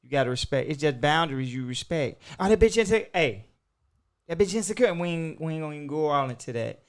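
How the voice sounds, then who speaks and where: A man hosts a casual podcast. His voice is high for a man, smooth and clear, and he speaks bluntly and emphatically with plenty of profanity. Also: expressive, fast talker. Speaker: podcast host. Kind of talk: casual chat.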